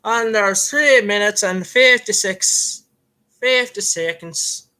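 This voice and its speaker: A man's voice: sits high, takes it slowly, pushed and bright, smooth, heavily acted, low-quality recording. A man voicing a self-styled Irish fight commentator with a put-on, slightly off Irish accent, in comic play-by-play that is hammy and full of rambling fillers. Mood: excitable. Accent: put-on Irish, admittedly a bit off.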